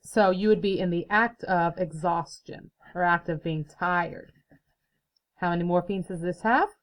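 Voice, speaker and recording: A young woman teacher walks children through a recorded phonics lesson, unhurried and patient. Her voice sits a little low, and she breaks each word into syllables with care. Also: low-quality recording. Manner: patient, explains slowly, claps out syllables.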